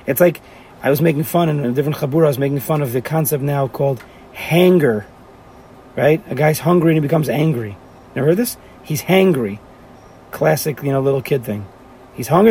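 Animated man teaching a lively class. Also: on the high side, normal speed, slightly rough. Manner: animated, rhetorical questions.

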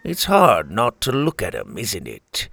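Cocky pirate captain, a man voicing him; slow, sneering, gravelly, swings up and down. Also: fairly low pitch, huge pitch swings, fairly bright tone, full character voice. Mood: smug, playful. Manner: playful, mocking, theatrical.

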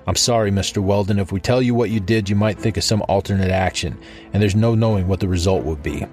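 A man's voice: low voice, quick pace, darkish tone, soft background music, natural voice. A man reading a courteous man from the future. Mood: reassuring. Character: polite, calm man from the future.

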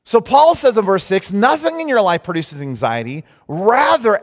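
A man preaching a sermon as pastor, lively and animated, rising into loud mock cries of alarm now and then. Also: high-pitched, normal speed, hardly any pauses. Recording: long hall reverb.

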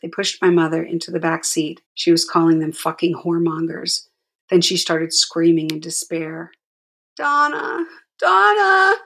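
Woman reading her memoir, low voice, kinda breathy, calm and steady. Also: moderate pace. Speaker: memoir author narrator.

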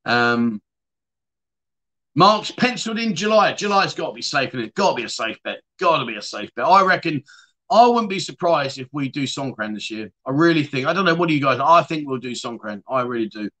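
Man, livestream host, chatty comment reading, bright tone. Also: fairly high pitch, lively intonation, moderate pace. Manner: chatty, reads viewer comments aloud and answers them. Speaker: livestream chat show host.

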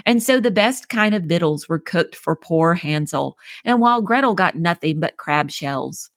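A woman hosting a children's podcast, reading a fairy tale aloud in a gentle, clear scripted narration. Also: on the low side, expressive, moderate pace, no echo, studio quality. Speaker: podcast host and storyteller.

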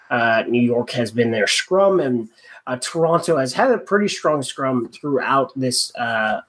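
A man co-hosting a podcast, chatting casually in a rambling, wry way with lots of fillers. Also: medium pitch. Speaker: podcast co-host.

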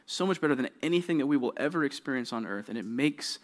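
Talking fast with lively intonation, a young youth pastor shares a childhood memory with junior high kids. The sermon feels casual and conversational, and he keeps checking in with his listeners.

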